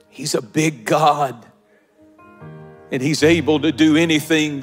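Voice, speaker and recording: Emotional pastor preaching with soft music. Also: male voice, fairly high pitch, slightly rough. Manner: repetitive preaching cadence, building emphasis. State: emotional, near tears. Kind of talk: sermon. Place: large church auditorium, live congregation. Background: faint music.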